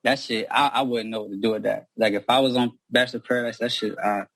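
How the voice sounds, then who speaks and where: A man's voice: medium pitch, fast talker, dry recording. A young man in casual chat, telling stories in loose slang with lots of swearing. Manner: slangy, animated storytelling with profanity. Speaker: guest sibling.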